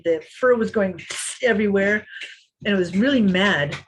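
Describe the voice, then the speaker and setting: A woman in her fifties tells an anecdote as a podcast guest. She narrates with energy and slips into voices for the people she quotes. Her pitch sits in a middle range. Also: normal speed, slight background noise. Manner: lively anecdote teller who acts out quotes. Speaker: interview guest. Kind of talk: storytelling in a podcast interview.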